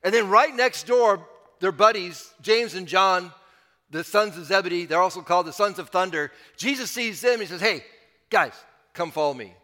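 High-voiced bright preacher in a reverberant hall. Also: male voice, normal speed. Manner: conversational preaching, rising with emphasis then dropping low. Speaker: pastor. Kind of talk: sermon.

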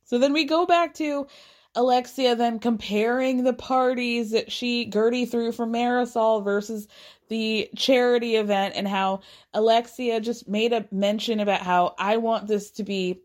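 A woman's voice: fairly high pitch, steady tone, measured pace, a little mellow. A woman recapping a reality show in casual chat, opinionated and full of "like" fillers, with some casual swearing. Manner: opinionated, chatty, lots of "like" fillers.

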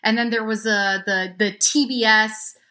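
A woman's voice: a little high, steady tone, a little slow, bright, forceful tone. A woman in her thirties chatting casually as a podcast guest, rambling with many restarts. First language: English. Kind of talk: casual chat.

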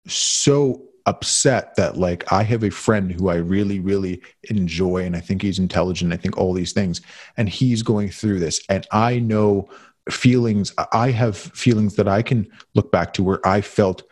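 Deep husky man, halting and heartfelt. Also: a little mellow. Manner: halting, stammering restarts, heartfelt. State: concussed. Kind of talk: emotional conversation.

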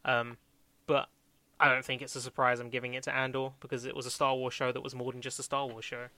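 Young male co-host, crisp bright voice, dry close sound, loose rambling chat full of fillers. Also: medium pitch, flat delivery, fast talker, dry recording. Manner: rambling, many fillers and restarts, laughs often. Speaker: podcast co-host. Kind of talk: casual chat reviewing TV shows.

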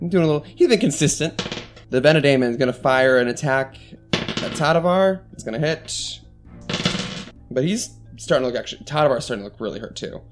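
Male game master, casual descriptive narration, mid-pitched, soft music bed. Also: animated, brisk. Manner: casual, descriptive, uses fillers.

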